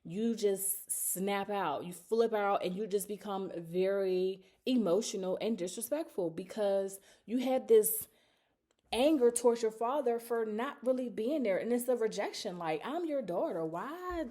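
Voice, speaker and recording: On her vlog, a woman in her thirties opens up about something personal, emotional and confessional, wandering through the story with lots of filler words. She speaks unhurriedly in a mellow, mid-range voice.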